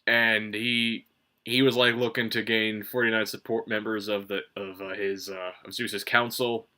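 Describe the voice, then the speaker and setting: This is a man with a sharp, bright tone, chatting through a review on his own. He rambles, swears freely and keeps restarting his sentences with fillers. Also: lowish voice, little pitch movement, moderate pace. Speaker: manga reviewer. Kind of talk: casual solo review commentary.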